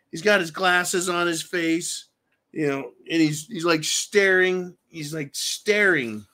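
Man, host, profane angry rant, bright forceful voice, somewhat high pitch. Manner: angry, crude, swears constantly. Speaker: show host reading viewer comments.

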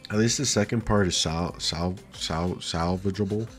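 Deep-voiced man chatting through a game. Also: normal speed. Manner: chatty, talks to himself, swears casually. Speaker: gaming streamer. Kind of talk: casual let's-play commentary. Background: faint game music.

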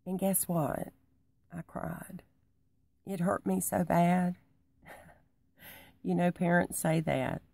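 Slow, gravelly woman rambling. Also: fairly low pitch, fairly even intonation, no echo. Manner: folksy and meandering, dropping to a hushed near-whisper. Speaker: Christian vlogger. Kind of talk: casual rambling talk to camera.

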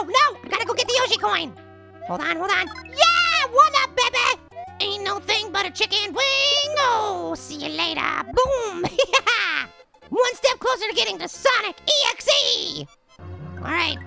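A man voicing a tiny, cocky male cartoon apple with a sped-up, pitched-up voice, giving brash, giggly game commentary. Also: gravelly, exaggerated voice. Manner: brash, giggly, trash-talking. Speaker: gameplay commentator. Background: game music.

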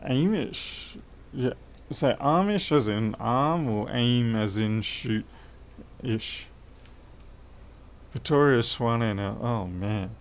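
A man's voice: mid-range voice, very slow. A middle-aged man, chatting casually and thinking aloud while he works through a repair on a livestream. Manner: rambling, thinks aloud, answers chat.

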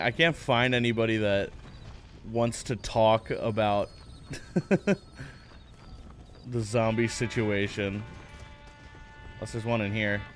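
A man streaming a video game, joking playfully and blurting mock gunshot sounds. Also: fairly low pitch. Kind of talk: gameplay commentary.

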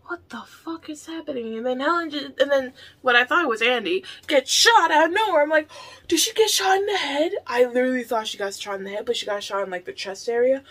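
Excitable, rambling woman vlogger. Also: high voice, a little fast. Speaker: vlogger reacting to a film. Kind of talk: casual reaction vlog.

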